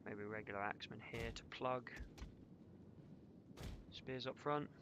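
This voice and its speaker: A man's voice: medium pitch, a little slow, muffled recording, background noise. A man streaming a strategy game, casually commenting on battles, swearing and joking with his chat. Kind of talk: live gameplay commentary.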